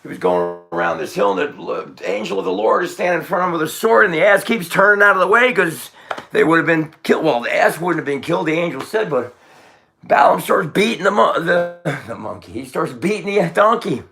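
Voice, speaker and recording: In a high-pitched, sing-song voice with vocal fry, a man speaks fairly quickly through a rambling religious monologue. He swings between shouting and muttering, correcting himself as he tells the story.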